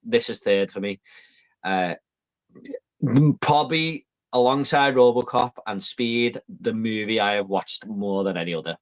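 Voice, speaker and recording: Man, podcast host, excited rambling, filler-heavy, casual chat. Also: lowish voice, unhurried.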